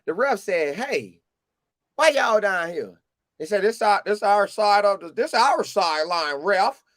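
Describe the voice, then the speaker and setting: High-voiced Southern man telling a story. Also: measured pace, dry recording, clean studio sound. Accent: Southern US, Florida. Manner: animated, acts out quotes in a higher voice. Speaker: storyteller recounting a game visit. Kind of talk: casual storytelling.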